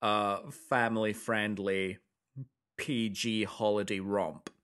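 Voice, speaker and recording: Low-voiced man retelling a film scene. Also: little pitch movement, slow pace, a bit bright. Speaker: podcast co-host. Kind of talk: casual film chat.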